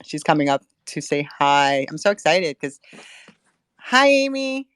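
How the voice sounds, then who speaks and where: A woman hosting an audio chat who greets callers in an excited, bubbly way. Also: sits low, moderate pace, no room sound, clean studio sound. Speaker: host. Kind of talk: casual chat.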